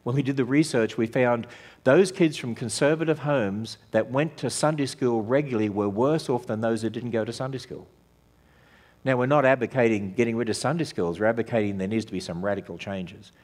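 A man's voice: mid-range voice, fairly quick, a little mellow. Emphatic male sermon speaker. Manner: emphatic, rhetorical questions. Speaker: ministry speaker. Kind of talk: sermon-style talk.

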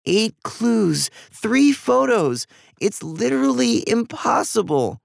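A fretful, stubborn young girl from a storybook, her voice lifted well above a grown man's and swinging up and down with feeling. A man puts her on, with a gravelly edge under it. Heard dry and close. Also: a little high, big pitch swings, takes it slowly, dry recording, pitched above the performer's own voice, heavily acted. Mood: upset. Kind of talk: storybook reading.

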